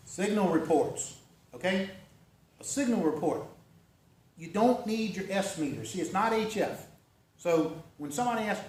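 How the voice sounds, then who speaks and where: A man's voice: high-pitched, expressive, normal speed, darkish tone. A man giving a folksy, conversational talk at a club meeting, often checking in with "okay?" and "right?". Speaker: club presenter. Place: meeting room. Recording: echoey room recorded from far off.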